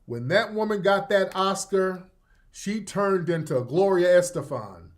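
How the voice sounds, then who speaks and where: A man hosts his own talk show with blunt, profane commentary. His delivery is casual and mocking, often slowing down for emphasis. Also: high voice, lively intonation. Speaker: show host.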